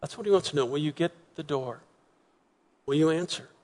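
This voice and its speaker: Earnest man preaching in a reverberant hall. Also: on the high side. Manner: earnest, repeats words, drops to soft emphatic pauses. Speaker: pastor. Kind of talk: sermon. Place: church sanctuary.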